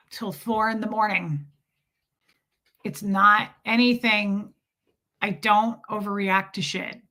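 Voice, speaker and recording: A woman's voice: mid-range voice, sharp tone. A middle-aged woman hosting a livestream, talking bluntly and defiantly, with frequent swearing. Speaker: livestream host. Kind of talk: casual livestream talk.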